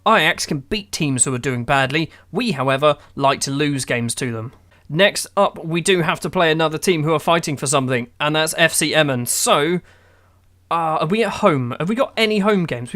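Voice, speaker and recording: A man with a fairly high-pitched voice narrates his football management game as it plays out. He calls the action in quick bursts and groans at his team with dry sarcasm, talking like a casual gaming video host. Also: fairly bright tone. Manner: exasperated, sarcastic running match commentary. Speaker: gaming YouTuber. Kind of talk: playing a football manager game with live commentary.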